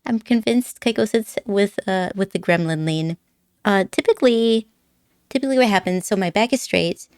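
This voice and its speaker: A woman's voice: mid-range voice, normal speed, a little mellow, smooth, dry recording. A young woman chats with her viewers in a giggly, rambling way, often breaking into laughter as she talks. Her voice comes through close and dry on a desk microphone, with a nervous edge under the chatter. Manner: giggly, chatty, rambling, puts on silly accents. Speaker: streamer. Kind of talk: casual chat with viewers.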